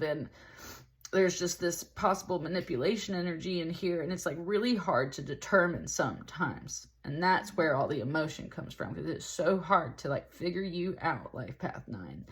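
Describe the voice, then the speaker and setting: A woman's voice: low-pitched, expressive, normal speed. A woman giving a casual tarot reading, rambling and talking loosely with lots of "like" and the odd laugh. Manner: rambling, heavy use of "like", with laughs. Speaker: tarot reader.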